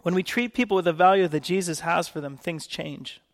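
A man from Canada preaches a sermon, telling stories with frequent laughs and acted-out quotes. His voice sits high for a man. The sound rings with a long hall reverb. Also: a little fast.

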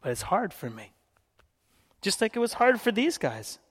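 A man's voice: high-pitched, very animated, moderate pace, fairly bright tone, husky, big-room sound. A man from Canada giving a sermon, telling stories with frequent laughs and acted-out quotes. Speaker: preacher.

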